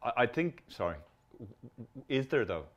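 A man's voice: medium pitch, very animated, measured pace, highs cut off. A man in his fifties hosts a podcast. He rambles, stumbles through restarts and drops blunt swear words into his thoughts. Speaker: podcast host. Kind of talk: casual conversation.

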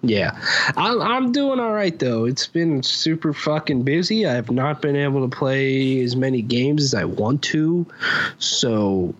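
A man's voice: medium pitch, animated, measured pace, highs cut off, slight background noise. A man co-hosting a casual gaming podcast, talking in a laid-back, easygoing way with casual swearing. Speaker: podcast co-host.

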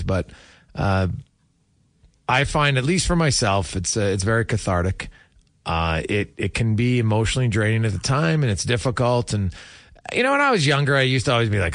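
A man's voice: on the low side, no echo, clean studio sound. A middle-aged man hosting a sports radio show, talking casually and candidly with plenty of fillers and restarts.

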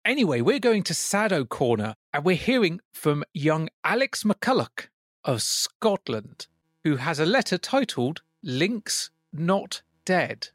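A man's voice: a little high, very animated, unhurried, a bit bright, no echo, studio quality, faint music behind. A man co-hosting a casual retro gaming podcast, wry and joking as he reads out old magazine letters. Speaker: podcast co-host.

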